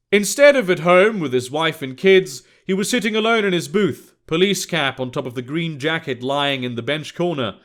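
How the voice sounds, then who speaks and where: A man narrating a scripted spy story in a steady, measured reading. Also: on the high side.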